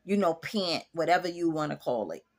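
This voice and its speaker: A woman's voice: sits low, expressive, normal speed, a little mellow. Frank, chatty woman in her forties. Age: 40s. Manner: frank, chatty, addresses viewers directly. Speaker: vlogger. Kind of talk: casual opinion vlog.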